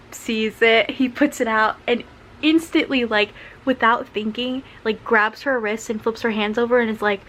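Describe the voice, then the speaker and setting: A woman's voice: a little high, fairly bright tone, a little hiss or hum. Chatty young woman vlogging from bed. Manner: chatty, lots of "like" and "um". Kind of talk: casual chat to camera. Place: in bed at home.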